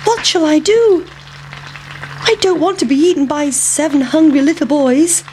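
A woman's voice: sing-song, a little slow, slight background noise, rough recording. A woman reading a storybook, voicing a frightened talking pancake in a raised voice. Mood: worried. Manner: high anxious put-on voice.

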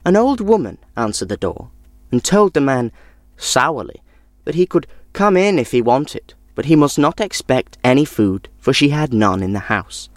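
A man reading a folk tale aloud in a measured, expressive way. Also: mid-range voice, no echo, studio quality. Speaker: storyteller.

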